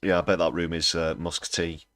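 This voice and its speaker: A man's voice: sits low, flat delivery, normal speed, fairly bright tone, no room sound. A British man hosting a political livestream, talking bluntly and scornfully, with fillers as he thinks aloud. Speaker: host.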